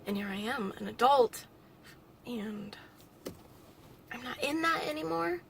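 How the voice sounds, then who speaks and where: A young woman vlogging alone, talking in a halting, reflective way with nervous little laughs, emotional and close to tears. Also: a little high, animated, vocal fry, fairly bright tone, slight background noise. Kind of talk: personal vlog monologue.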